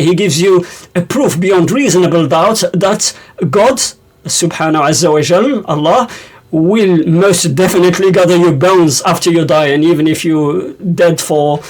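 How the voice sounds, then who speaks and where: Older male religious teacher, gravelly tone, rambling and self-correcting. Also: sits high. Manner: rambling, self-correcting, many fillers, recites verses quickly. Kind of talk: explaining scripture to camera.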